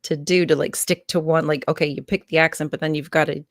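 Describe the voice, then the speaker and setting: Lower-voiced woman chatting. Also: steady tone, fast talker, no echo, clean studio sound. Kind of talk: casual chat on a livestream.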